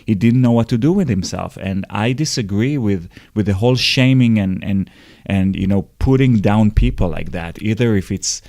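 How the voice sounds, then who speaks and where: A man's voice: lowish voice, normal speed, dark tone, no room sound, clean studio sound. A man hosting a podcast, talking earnestly with frequent restarts. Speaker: podcast host. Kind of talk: casual chat.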